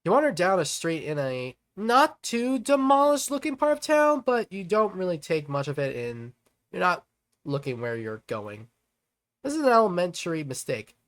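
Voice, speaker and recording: A let's-play host reading a visual novel aloud and chatting about it in a rambling way with lots of fillers and restarts. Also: mid-range voice.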